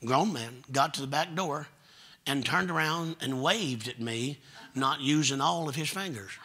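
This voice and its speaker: A middle-aged man with a Kentucky accent, preaching a folksy, joking storytelling sermon that builds to loud preaching. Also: on the high side, a little slow, a little hiss or hum. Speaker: guest preacher.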